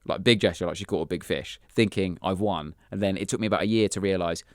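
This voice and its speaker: Here a British comedian in his thirties, a podcast guest, tells funny stories in a low voice at a quick pace, animatedly acting out voices in his anecdotes. His tone is clear and resonant, and the recording is dry, with studio quality.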